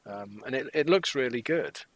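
A man's voice: medium pitch, animated, moderate pace, no echo, rough recording. Man, casual chat, jokey, dry recording. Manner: chatty, jokey, acts out quotes. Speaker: podcast co-host. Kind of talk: casual chat about a TV show.

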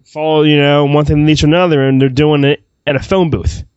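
High-pitched dude raving about movies, swears a lot, dry muffled sound. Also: male voice, brisk, smooth, no room sound. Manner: excitable, swears freely, gushing. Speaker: podcast co-host. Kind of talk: casual movie review chat.

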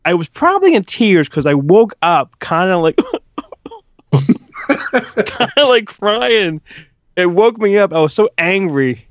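A man's voice: high-pitched, unhurried, long pauses, no echo, lo-fi sound. A man co-hosting a podcast in casual chat, telling stories with lots of swearing. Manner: animated storyteller, swears freely. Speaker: podcast co-host.

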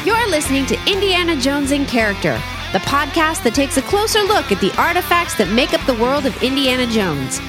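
Female announcer, high and animated, scripted intro read over guitar. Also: a little fast, few pauses.

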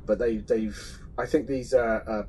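A man's voice: lowish voice, fairly even intonation, unhurried, mellow, a little hiss or hum, low-quality recording. A man co-hosting a casual film podcast, chatty and hesitant, often restarting his sentences. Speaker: podcast co-host.

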